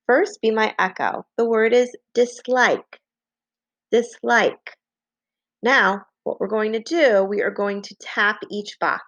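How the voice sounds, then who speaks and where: Woman teacher doing phonics dictation, real slow and patient, dry close sound. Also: on the high side, fairly bright tone, dry recording, dull audio. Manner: slow, clear, patient dictation with repeated words. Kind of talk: phonics lesson for young children.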